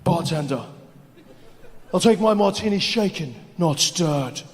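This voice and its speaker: A man voicing a suave, smooth-talking male spy in a cool, flirtatious manner on a comedy stage. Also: on the high side, expressive, unhurried. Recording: reverberant hall, faint ambience.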